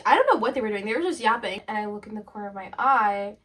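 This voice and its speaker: A teenage girl co-hosting a podcast, chatting casually and telling an animated story, acting out what people said. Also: mid-range voice, quick pace, recorded from a distance. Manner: animated storytelling with quoted voices. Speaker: podcast co-host. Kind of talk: casual chat.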